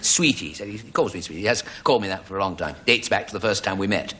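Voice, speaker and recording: A man delivering a deadpan comic monologue to a studio audience. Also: low voice, very fast. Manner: deadpan storytelling with put-on voices. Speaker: comedy sketch presenter.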